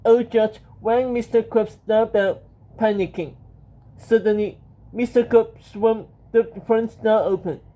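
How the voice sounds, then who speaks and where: A reader narrating a children's storybook aloud in a plain, steady way, in a dull lo-fi recording. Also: mid-range voice, unhurried.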